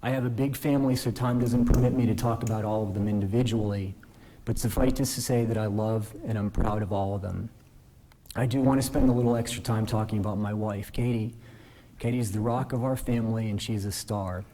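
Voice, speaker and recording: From a courtroom podium, a newly appointed justice in his forties delivers a formal ceremonial speech, earnest and gently self-deprecating. His lowish voice keeps a fairly even intonation at a slightly fast pace, and the recording quality is low.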